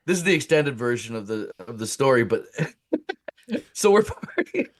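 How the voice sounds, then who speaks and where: A man's voice: mid-range voice, unhurried, husky. Man telling a comic story, laughing. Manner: animated, laughs through his story, many fillers. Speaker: comedian guest.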